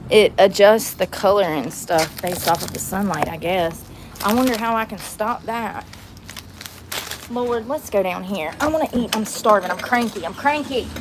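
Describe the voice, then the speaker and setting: Walking outdoors on a windy street, a woman vlogger with a mid-range voice talks to herself at normal speed into a handheld phone. Her casual self-talk is blunt and slangy, with wind and traffic noise around her.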